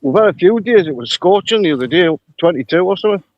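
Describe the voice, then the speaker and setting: A man with a North East English accent and a fairly high voice, talking in an easy, casual way and laughing a lot. The sound is dull and lo-fi, like a phone held outdoors, and dry. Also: lively intonation, quick pace, no room sound. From North East England. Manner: laughs often, local dialect words. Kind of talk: casual chat.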